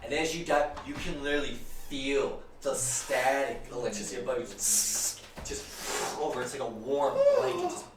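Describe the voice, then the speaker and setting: A man running a tabletop game as game master, narrating with excitement, laughing often and swearing casually. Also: medium pitch, normal speed, few pauses. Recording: echoey room, distant mic, noisy.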